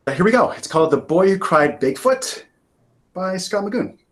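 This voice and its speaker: A man's voice: sits high, moderate pace. A man from Maine, a children's author, reading his picture book aloud over a video call in a chatty way. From Maine, USA. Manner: animated, chatty with many fillers.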